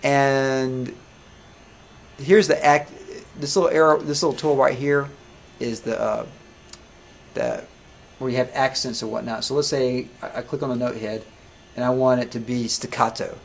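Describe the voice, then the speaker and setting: A man teaching music software to a class, talking casually with many restarts and questions to the students. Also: medium pitch, fairly even intonation, moderate pace, creaky, pauses often, slight background noise. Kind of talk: live classroom software demo.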